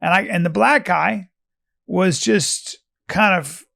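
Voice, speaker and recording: A man's voice: high-pitched, slow pace, gravelly, fairly bright tone, no echo, clean studio sound. A man telling blunt, profane stories in a casual podcast chat. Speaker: podcast host.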